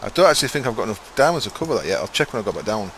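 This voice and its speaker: Mumbling streamer with a mild Hull accent. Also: male voice, on the low side, big pitch swings, racing, a bit bright, slight background noise. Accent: mild Hull (East Yorkshire). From Hull, East Yorkshire, England. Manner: rambling, mumbles to himself while playing, swears casually. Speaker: gaming streamer. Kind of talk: casual gameplay commentary chatting with live chat.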